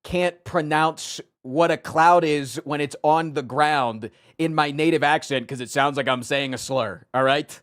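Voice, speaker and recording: A man's voice: a little high, measured pace, hardly any pauses, a bit bright. A man from Virginia, a streamer on a call, talking casually and rambling, repeating words while he searches for them. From Virginia, United States.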